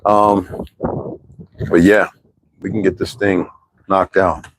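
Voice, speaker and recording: A man's voice: sits low, flat delivery, slow pace, creaky, a little hiss or hum, poor audio. A man in his sixties hosting a casual livestream, rambling and chatting directly to his viewers with frequent laughs. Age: 60s. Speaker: livestream host.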